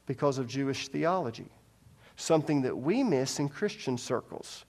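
A man's voice: fairly high pitch, animated, normal speed. A man preaching a sermon as pastor, emphatic, repeating his key points and asking the congregation rhetorical questions. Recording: long reverb of a large hall.

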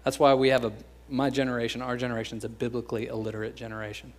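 Young american guy preaching, chatty and jokey, does little voices, normal mid-pitched voice. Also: little pitch movement, racing. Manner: conversational and joking, acts out quoted voices. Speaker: pastor. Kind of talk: sermon.

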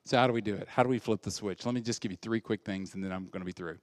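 A pastor giving a sermon to his congregation in earnest preaching style, swinging between loud emphasis and soft asides. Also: fairly low pitch, quick pace, dry recording, studio quality, big-room sound.

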